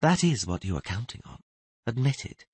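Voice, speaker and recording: A man's voice: medium pitch, big pitch swings, normal speed, slightly rough, no room sound, voice pushed up. A man voicing a sly, mocking older queen. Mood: teasing. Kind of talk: audiobook character voice.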